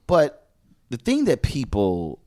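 A man's voice: mid-range voice, huge pitch swings, slow pace, warm tone. A middle-aged man, a journalist from Houston, telling stories from his career in an emphatic conversational way and acting out the dialogue he quotes. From Houston, Texas. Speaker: journalist and show host, podcast guest. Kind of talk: conversational storytelling.

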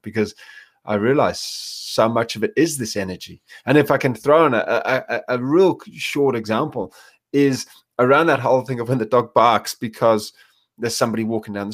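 A man talking in an interview about training dogs. He tells his stories in a relaxed way, slipping into short acted-out voices. His voice sits at an ordinary, middle pitch. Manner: storytelling, acts out little quoted scenes. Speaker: dog trainer, guest. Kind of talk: casual interview talk.

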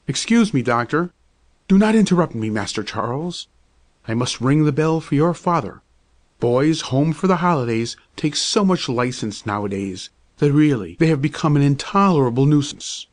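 A man's voice: a little high, lightly acted. A man putting on a pompous, indignant old-fashioned doctor. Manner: stiff, indignant, lecturing. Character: pompous irritable male doctor, middle-aged.

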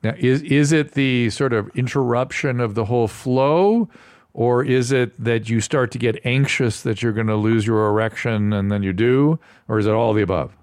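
A man hosting a call-in advice show, explaining sexual health calmly and matter-of-factly. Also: mid-range voice, moderate pace, no room sound, studio quality. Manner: calm, explanatory, matter-of-fact about sex. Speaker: host and medical advice doctor.

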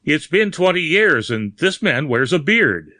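A man's voice: fairly high pitch, big pitch swings, a little slow, bright, forceful tone, no echo, pitched above the performer's own voice, heavily acted. A man voicing a puzzled, brusque middle-aged doctor in a storybook reading. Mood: alarmed.

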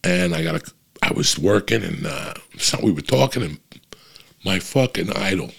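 A comedian from New tells a story on his podcast, swearing constantly. His voice sits very low and comes out rough and raspy, with a gravelly fry at the ends of his phrases. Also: lively intonation, moderate pace, fairly bright tone. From New Jersey. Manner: blunt and heavily profane, restless and swearing as he tells it.

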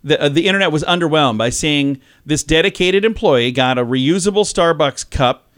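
A man co-hosting a radio talk show, telling a news story in a chatty, animated way. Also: a little high, moderate pace. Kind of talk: casual radio chat.

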